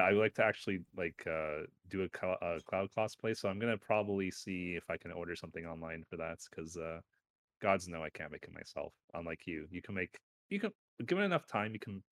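A man co-hosting a casual chat about video games, rambling and correcting himself, with sudden animated bursts. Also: sits low, a little fast, no echo. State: has hiccups.

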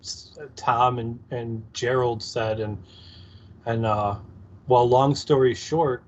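A man's voice: medium pitch, steady tone, takes it slowly, slight background noise. A man co-hosting a casual recap podcast, laid-back, agreeing often and cracking crude jokes. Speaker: podcast co-host. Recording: dull lo-fi sound.

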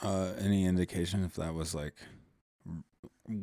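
A man with a very deep voice co-hosts a true crime podcast. He chimes in with casual, crude jokes and quick reactions to his partner's narration. His tone stays loose and conversational. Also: steady tone, dark tone. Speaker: podcast co-host.

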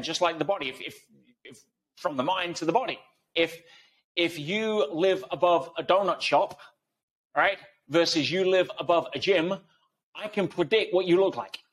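Emphatic man, higher-pitched, explaining through analogies. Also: fairly quick, a bit bright. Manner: emphatic, uses analogies and rhetorical questions. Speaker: guest speaker. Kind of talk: conversational interview.

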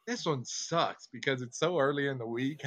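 A man's voice: mid-range voice, moderate pace, a bit bright. A man co-hosting a podcast in rambling, casual talk and laughing a lot. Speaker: podcast co-host. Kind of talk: casual chat.

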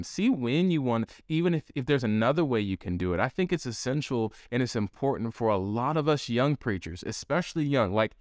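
A man teaching young preachers in a lively, conversational way, pushing his pitch up to stress key points. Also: no echo, clean studio sound. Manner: energetic, conversational, shifts pitch up for emphasis. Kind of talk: teaching talk to camera.

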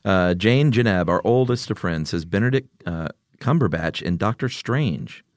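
A man's voice: deep voice, lively intonation, normal speed, dry recording, clean studio sound. A man co-hosting a podcast, reading out listener suggestions in casual chat and laughing easily. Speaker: podcast co-host.

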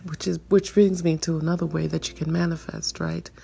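A woman in her fifties hosting a reflective solo monologue, searching and questioning herself, with soft laughs. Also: low voice, little pitch movement, a little fast, vocal fry, faint music behind. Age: 50s. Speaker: podcast host.

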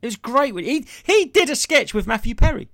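A man, a comedian co-hosting a podcast, telling stories and ranting in a sweary, animated way. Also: extremely high pitch, brisk, dry recording, studio quality. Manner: sweary, ranting, jumps between impressions and storytelling. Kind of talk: casual comedy chat.

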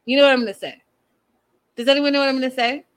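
A woman in casual chat, recapping a reality show in a gossipy, animated way and quoting the cast as she goes. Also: high-pitched, quick pace. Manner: chatty, gossipy, animated retelling with quoted lines.

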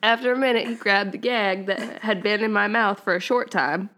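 A woman's voice: medium pitch, moderate pace, a bit bright. Giggling woman reading aloud on a podcast. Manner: keeps breaking into laughter and wry asides while reading. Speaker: podcast co-host. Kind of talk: reading fan fiction aloud on a casual podcast.

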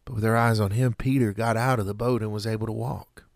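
A man delivers a sermon in an earnest, measured way, leaning on dramatic pauses. His voice sits on the low side. The sound is close and dry, with no room echo. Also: steady tone, creaky. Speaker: preacher.

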